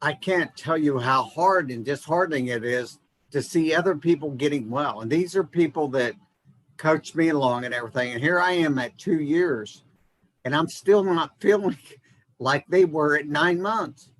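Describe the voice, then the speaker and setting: A man's voice: fairly high pitch, moderate pace, low-quality recording. A man hosting an interview, talking in a conversational and encouraging way. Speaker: host. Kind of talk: casual interview.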